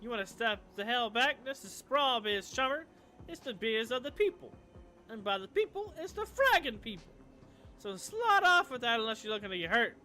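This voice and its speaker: A man doing a twitchy loud street hustler. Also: high voice, sing-song, soft background music, heavily acted. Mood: threatening. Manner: fast-talking hustler slang, loud and pushy. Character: twitchy jittery male street drug lookout.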